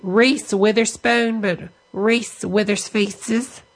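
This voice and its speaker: A woman on a prank call who speaks in a flat, deadpan manner and drags every word out slowly. Her pitch sits in an ordinary middle range. She never hurries. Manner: deadpan, slow and drawn-out spelling. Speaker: prank caller.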